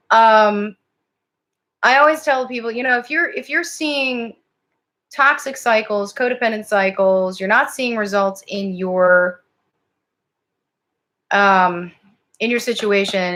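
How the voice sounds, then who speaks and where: A woman's voice: medium pitch, fairly bright tone. A woman giving casual live-stream psychic readings, chatty and giggly, often wandering off topic. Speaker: psychic card reader.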